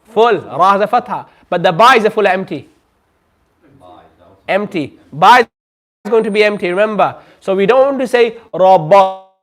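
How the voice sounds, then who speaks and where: A man teaching a Quran recitation class, patiently drawing out sounds slowly for students to repeat. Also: high voice, animated, fairly bright tone. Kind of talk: classroom lesson. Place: community centre classroom.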